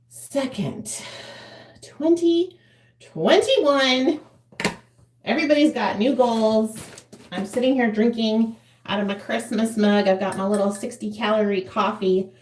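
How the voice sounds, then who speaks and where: A woman's voice: mid-range voice, moderate pace, reverberant. A woman in her forties chatting casually to a live chat while doing her makeup at home, laughing often. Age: 40s. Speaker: vlogger.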